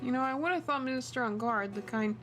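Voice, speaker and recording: A woman's voice: sits high, brisk, fairly bright tone, a little hiss or hum. A woman voicing an earnest young male defense lawyer, asking plain, polite questions.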